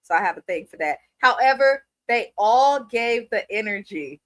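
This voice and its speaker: A woman's voice: a little high, animated, moderate pace, no room sound. A woman co-hosting a reality show recap in casual chat, blunt, profane and playfully dramatic.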